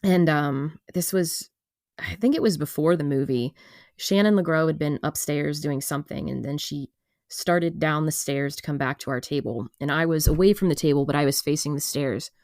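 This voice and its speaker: A woman's voice: low-pitched, moderate pace, darkish tone, no room sound, studio quality. A woman guest on a podcast, chatting and telling an anecdote with frequent laughs. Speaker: podcast guest, film producer. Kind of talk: casual chat.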